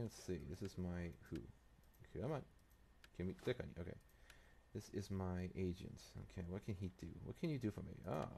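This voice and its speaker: A man with a deep, low voice talks through his moves in a strategy game. He thinks aloud and mutters at the units on screen. There is a faint hiss behind him. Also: gravelly, warm tone. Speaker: let's play host.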